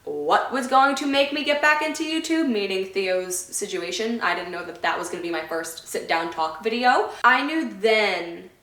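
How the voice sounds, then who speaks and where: Woman vlogger, middle-pitched voice, earnest and rambling to-camera talk, roomy echo on the recording. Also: expressive, moderate pace, hardly any pauses, pushed and bright. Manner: heartfelt, rambling, loses her train of thought. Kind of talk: casual sit-down talk to camera. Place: indoor room away from her home. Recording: echoey room.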